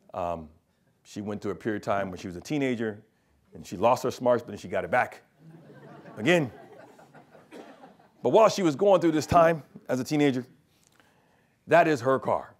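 A middle-aged man gives a lively business talk to students, mixing personal stories with rhetorical questions to the audience. His delivery is animated and conversational, like a seasoned consultant on stage. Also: mid-range voice. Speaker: keynote speaker and consultant. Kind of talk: storytelling business presentation to students.

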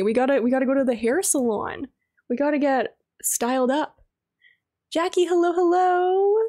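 A woman's voice: high-pitched, a little mellow. A young woman streaming a game live, gushing and greeting her viewers one by one.

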